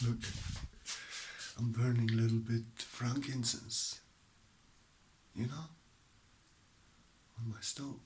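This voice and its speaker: A man's voice: mid-range voice, little pitch movement, darkish tone, slight background noise. Meditative man, whispering spiritual teacher. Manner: slow, meditative, drifting between whispers and fuller voice; mixed accent from living all around the world. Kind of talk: spiritual talk to camera. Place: at home beside his stove.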